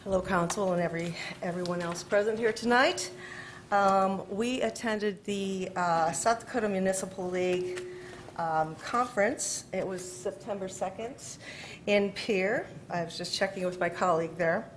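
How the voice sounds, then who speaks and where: A woman giving a measured report with ums at a city council meeting. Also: mid-range voice, slight background noise. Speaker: workshop attendee giving an update.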